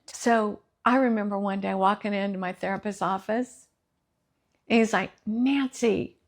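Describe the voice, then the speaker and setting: A middle-aged woman, hosting a podcast and telling personal stories in an earnest, reflective way. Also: medium pitch. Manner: earnest, storytelling, quotes others in acted voices. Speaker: podcast host.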